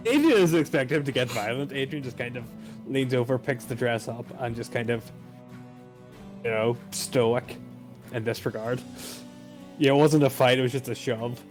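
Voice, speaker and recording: Relaxed man, player in a tabletop game. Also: mid-range voice, moderate pace, long pauses, soft background music. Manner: relaxed, hedging with fillers.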